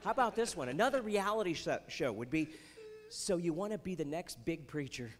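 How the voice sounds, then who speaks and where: Man, stand-up comedian, slightly high voice, long hall reverb, faint hiss. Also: expressive, brisk. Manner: chatty, jokey, playful asides. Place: festival stage before a live audience.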